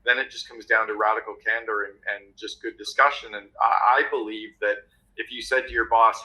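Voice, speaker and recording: Bright-voiced confident male podcast guest. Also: lowish voice, steady tone, brisk, rough recording. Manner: confident, tells anecdotes with acted-out quotes. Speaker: guest author on meetings. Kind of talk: podcast conversation.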